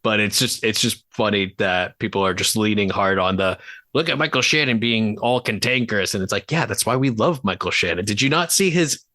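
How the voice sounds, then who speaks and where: Bright, enthusiastic man chatting about films. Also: fairly low pitch, a little fast, few pauses, dry recording. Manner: enthusiastic, rambling with many fillers. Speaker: podcast co-host. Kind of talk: casual film chat.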